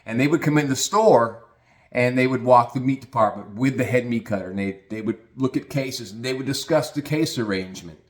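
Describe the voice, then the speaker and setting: A man's voice: mid-range voice, a little fast. Brief: middle-aged male podcast host, blunt and crude, rambling storyteller. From United States. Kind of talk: casual storytelling monologue.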